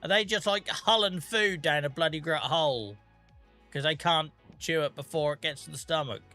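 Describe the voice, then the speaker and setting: Bright-voiced British man streaming a game. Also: a little high, normal speed, faint music behind. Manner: joking, teasing, swears freely. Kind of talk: casual live-stream chat.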